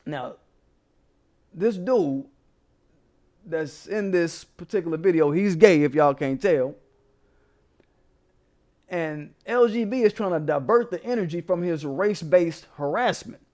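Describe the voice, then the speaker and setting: A man hosting a casual commentary show, telling a story in a profane, animated way and laughing as he goes. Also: on the high side, measured pace, pauses often.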